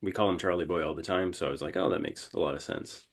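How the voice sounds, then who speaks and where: Laid-back low-voiced male guest. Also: quick pace. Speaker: podcast guest, band musician. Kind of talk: casual interview chat.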